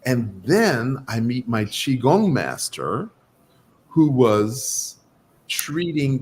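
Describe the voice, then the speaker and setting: Male guest practitioner recounting his past, lively, unhurried, acts out quotes. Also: medium pitch. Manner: animated, acts out quoted dialogue. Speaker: guest doctor of Chinese medicine. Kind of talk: storytelling in an interview.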